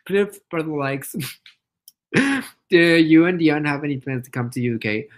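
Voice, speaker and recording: A young man from Mexico chatting casually on a livestream, reading comments out loud, playful and giggly, and squealing at his pet. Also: mid-range voice, lively intonation, moderate pace, pauses often, slight background noise, poor audio. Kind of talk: casual live-stream chat reading comments.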